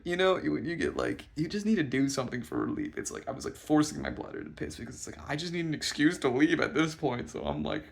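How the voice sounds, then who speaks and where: A young man telling a rambling, anxious story about himself, swearing and loudly acting out his own lines. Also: a little high, wildly swooping pitch, fast, creaky, few pauses. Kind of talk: casual storytime monologue.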